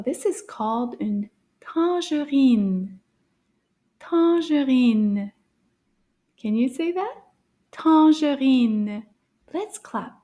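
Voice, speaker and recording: A woman teaching children a beginner French lesson, cheerful and encouraging, repeating words slowly and clearly, with occasional hushed whispers. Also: high voice. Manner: drops into hushed whispers for surprises.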